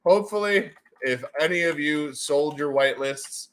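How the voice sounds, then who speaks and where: A man hosting a casual livestream and running giveaways, excitable and goofy, laughing often and slipping into silly voices. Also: fairly high pitch, normal speed.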